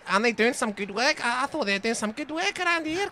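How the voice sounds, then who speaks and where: This is a nosy, blustering bigot from Manchester, put on by a man in a comedy improv sketch, with a bright voice that swings widely up and down. He talks over everyone in a thick Mancunian accent, and the recording carries a faint background hiss. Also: very high-pitched, expressive, fast talker, pitched above the performer's own voice, heavily acted. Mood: pushy.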